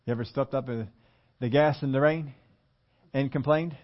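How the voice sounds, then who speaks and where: A man preaching an animated sermon and asking his congregation questions. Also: medium pitch, normal speed, muffled recording. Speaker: pastor.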